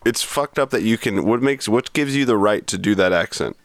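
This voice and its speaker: A young man, talking casually on a podcast. He tells stories with animated mock outrage. The sound is dry and close. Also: on the low side, brisk, dry recording. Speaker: podcast co-host. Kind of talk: casual chat.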